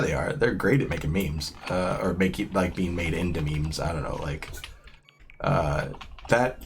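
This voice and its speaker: A man with a fairly low voice streams a game, with slight hiss or hum in the audio. His gameplay commentary is casual and rambling, self-deprecating, and packed with fillers.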